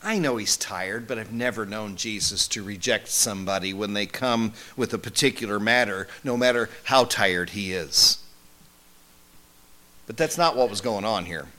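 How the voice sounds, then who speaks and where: A man playing a male disciple who recalls his travels in a first-person monologue, wry and conversational, with lively swings in emphasis. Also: fairly low pitch, moderate pace. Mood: earnest recollection. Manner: conversational, wry, animated storytelling.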